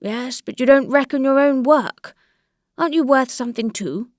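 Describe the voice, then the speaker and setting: A woman reading the lines of an old grey-whiskered country landowner, speaking in a measured, reflective and mildly complaining way, in a dry recording. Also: high voice, a little mellow, no room sound, pitched above the performer's own voice, lightly acted.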